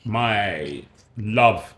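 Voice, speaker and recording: A man's voice: lowish voice, animated, drawn-out words, a bit bright, slight background noise. A man in his thirties with a London accent, a sports presenter chatting as a podcast guest in a laid-back, slangy way, repeating phrases as he thinks. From South London, England. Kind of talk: casual podcast chat.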